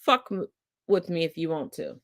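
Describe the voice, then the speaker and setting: A woman in her forties co-hosting a live stream, brash and profane, teasing her co-host and swooping up loud when excited. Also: deep voice, normal speed, dry recording, studio quality. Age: 40s.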